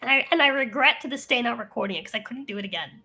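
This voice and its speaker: A woman's voice: fairly high pitch, lively intonation, very fast, bright, forceful tone, soft background music. A woman co-hosting a podcast, telling a story in a chatty way and laughing often. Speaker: podcast co-host. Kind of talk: casual chat.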